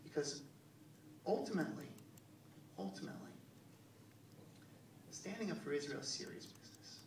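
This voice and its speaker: Animated male stand-up comic in echoey room. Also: a little high, brisk. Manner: animated storytelling, acts out voices. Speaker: comedian. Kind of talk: live stand-up comedy. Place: live venue with audience. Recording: echoey room, distant mic, crowd noise.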